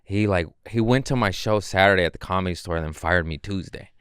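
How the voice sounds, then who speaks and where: A young man chats as a podcast guest, piling stories on top of each other with crude jokes and quick restarts. His voice sits a little low and sounds smooth and clean. The recording is close and dry. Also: dry recording. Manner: rambling, excitable storyteller, crude humor. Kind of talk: casual podcast chat.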